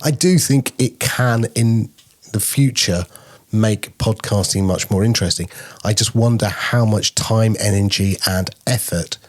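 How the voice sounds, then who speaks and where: A man's voice: fairly low pitch, measured pace. A man co-hosting a podcast news show, chatting casually and tossing in playful asides. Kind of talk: casual chat.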